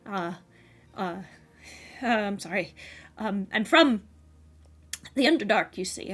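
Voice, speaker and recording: A woman voicing a nervous, scarred man with snake eyes who stammers softly and hesitantly. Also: mid-range voice, slightly rough. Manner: hesitant, stammering, soft and jittery.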